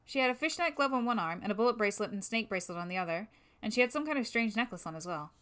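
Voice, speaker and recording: A woman's voice: medium pitch, animated, rapid-fire, fairly bright tone. A woman reading a fan-made game story aloud on a livestream, casual in manner. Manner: casual, with swearing asides. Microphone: new microphone.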